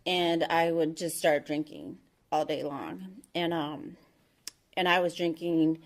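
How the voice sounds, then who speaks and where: A woman in her thirties speaks at an AA meeting, telling her recovery story. Her voice is low-pitched and steady in tone, and she talks candidly and haltingly, with many ums and restarts.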